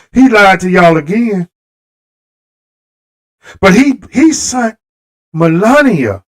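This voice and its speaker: High-voiced guy going off on a livestream, heated, talking right at the viewers, aave. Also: fairly bright tone, low-quality recording. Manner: impassioned, talks straight to viewers. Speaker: live stream host. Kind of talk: livestream political rant.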